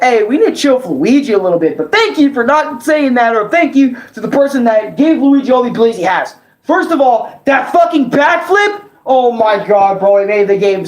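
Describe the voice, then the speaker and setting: Rambling, excitable young gamer guy. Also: high-pitched. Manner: rambling, excitable, swears a lot, repeats himself. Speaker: gaming vlogger. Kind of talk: casual game review rant. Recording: roomy echo.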